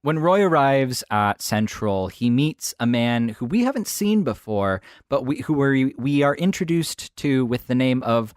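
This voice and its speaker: A man co-hosting a review podcast, his voice rising and falling all over the place as he jokes along. His mid-pitched voice sounds close and dry, with no room sound at all. He talks casually, playful and loose. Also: a little slow, few pauses, smooth, dry recording. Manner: animated, playful, slips into mock voices. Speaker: podcast co-host. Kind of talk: casual anime review chat.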